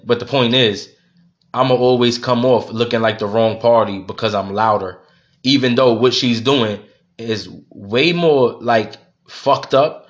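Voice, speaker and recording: NY-male podcaster, heated profane rant, middle-pitched voice. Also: a bit bright. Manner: profane, heated, repeats himself. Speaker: podcast host. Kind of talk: venting monologue.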